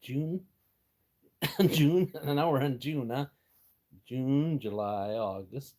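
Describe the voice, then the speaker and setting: A man's voice: mid-range voice, takes it slowly, dark tone. Folksy older man chatting on a live stream. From United States. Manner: folksy, chatty, answers chat messages with chuckles. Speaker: livestream host. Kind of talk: casual live-stream chat with viewers. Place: workshop.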